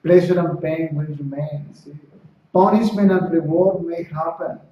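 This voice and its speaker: Speaking at a measured pace in a fairly high, steady voice, a spiritual teacher addresses a small satsang gathering. His style is conversational, peppered with "right?" and "see?" checks, and he voices characters' dialogue in stories. The sound is distant and echoey, dull and lo-fi with a little noise.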